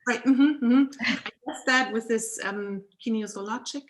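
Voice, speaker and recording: This guest coach, a German woman with a German accent, chats casually over a video call at normal speed in a slightly high voice. Her explanations are sprinkled with frequent laughter and many ums.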